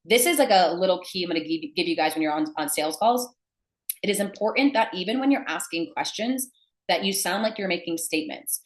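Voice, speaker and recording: Young adult woman, sales coach, emphatic and blunt, lowish voice, echoey room. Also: lively intonation, a little fast. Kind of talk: teaching to camera.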